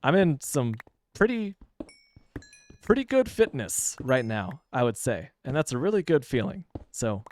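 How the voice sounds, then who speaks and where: A man's voice: medium pitch, big pitch swings, moderate pace, few pauses, darkish tone. A man from the American Midwest giving casual, chatty commentary while playing a game on stream, joking to himself as he goes. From Midwestern United States. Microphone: streaming microphone.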